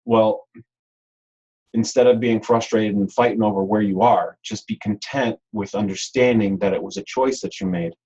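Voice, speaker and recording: Male webinar presenter, husky and breathy, loose and repetitive delivery. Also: fairly low pitch, warm tone, lo-fi sound. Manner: rambling, repeats words, many ums. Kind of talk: unscripted webinar talk.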